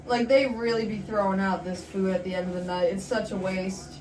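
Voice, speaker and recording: A young woman chats casually during an eating vlog, full of 'like's and quick laughs. She sounds a little distant from the microphone, in an echoey room with a faint hum of noise behind her. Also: mid-range voice, fairly even intonation, a little mellow. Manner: chatty, laughs often, says 'like' and 'literally' a lot. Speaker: vlogger.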